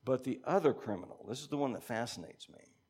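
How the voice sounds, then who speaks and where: A man teaching a congregation in a conversational sermon, reading scripture aloud and musing with animated asides. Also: medium pitch, quick pace, breathy edge. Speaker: pastor or Bible teacher.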